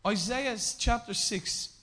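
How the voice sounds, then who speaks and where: A man delivers a sermon slowly and conversationally, shifting between raised, emphatic lines and quiet, low repetitions.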